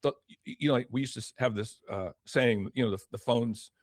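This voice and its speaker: Fast and mid-range, his speech is recorded cleanly in the studio with no echo. He's an older former record promotion executive telling stories as an interview guest, animated, dramatizing dialogue, and often restarting sentences.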